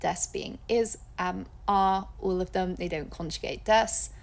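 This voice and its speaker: A woman's voice: lowish voice, unhurried, vocal fry. A woman, from England, teaching a beginners' language lesson in a chatty, upbeat way. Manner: chatty and upbeat, laughs at her own slips. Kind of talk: casual online lesson.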